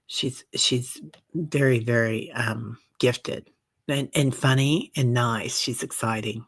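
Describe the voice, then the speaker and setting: Woman host, gentle chatty comment-reader, slightly husky, dry close sound. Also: a bass voice, no echo. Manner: gentle, soothing, many fillers and soft asides. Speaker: meditation group host. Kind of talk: casual livestream chat reading viewer comments.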